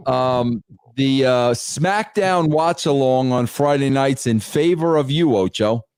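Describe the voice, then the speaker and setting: A man's voice: medium pitch, slow pace, darkish tone, smooth, dry recording, clean studio sound. A man hosting a live-streamed podcast in a brash, casual way, peppering his talk with "bro". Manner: brash, repeats "bro" a lot. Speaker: podcast host.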